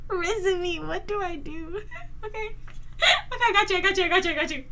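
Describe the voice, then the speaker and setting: Young woman streamer, very high voice, bright and sharp, giggly, playful mock outrage, reading chat questions. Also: big pitch swings, fairly quick. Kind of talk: casual livestream chat, reading viewer questions.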